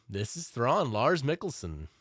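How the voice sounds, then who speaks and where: A man's voice: mid-range voice, sing-song, takes it slowly, a bit bright, husky, no room sound. A man co-hosting a podcast in casual chat, laughing often and swearing casually. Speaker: podcast co-host.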